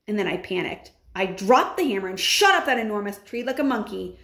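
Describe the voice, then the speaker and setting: A woman reading a children's novel aloud with expressive delivery, breaking in with chatty asides. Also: mid-range voice, a little fast, hardly any pauses. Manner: animated, adds chatty comments. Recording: roomy echo.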